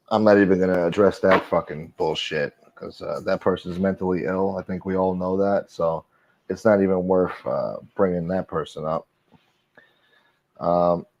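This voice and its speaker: A man's voice: low-pitched, a little mellow. A man hosting his own livestream, talking casually in a defensive, profane rant aimed at his critics. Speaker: livestream host. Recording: dull lo-fi stream audio.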